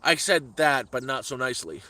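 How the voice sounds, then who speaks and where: A man's voice: medium pitch, very animated, normal speed, sharp tone. A man on a live stream outdoors in the woods, telling a heated story in repetitive bursts. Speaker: vlogger. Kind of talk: angry live-stream rant.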